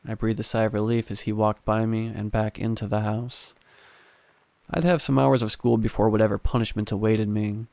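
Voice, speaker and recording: Gravelly male horror storyteller. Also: mid-range voice, dry recording. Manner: calm, steady first-person storytelling. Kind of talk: scripted horror narration.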